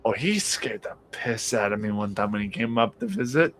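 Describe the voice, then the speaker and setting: A man hosting a live-streamed podcast, telling a story in a casual, animated way, swearing freely and acting out the voices of the people in it. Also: fairly low pitch, moderate pace, slight background noise. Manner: animated, profane, acts out quoted voices. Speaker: podcast host.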